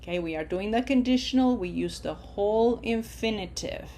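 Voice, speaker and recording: A woman's voice: medium pitch, dark tone, slight background noise. A woman teaching a Spanish lesson, patiently leading conjugation drills and checking in with her students. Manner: slow, drawn-out model pronunciations; patient, encouraging, checks in with "okay?".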